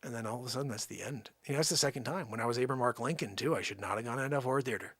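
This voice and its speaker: A man playing a boastful male time traveler who claims famous past lives, rambling with shouting outbursts. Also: medium pitch, very fast, breathy edge, no echo, voice pushed down. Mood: hushed bragging.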